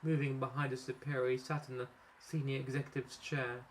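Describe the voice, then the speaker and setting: A man of middle pitch narrates a comic story he wrote himself. He reads at a steady pace and now and then trips over a word before he goes on. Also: a little fast, a little hiss or hum, rough recording. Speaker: author and narrator. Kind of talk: reading his own comic story.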